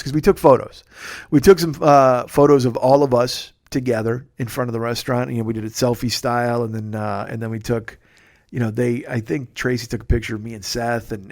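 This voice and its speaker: Profane rambling comedian. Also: male voice, medium pitch, quick pace. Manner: profane, rambling, self-interrupting. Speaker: comedian podcast host. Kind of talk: casual storytelling monologue.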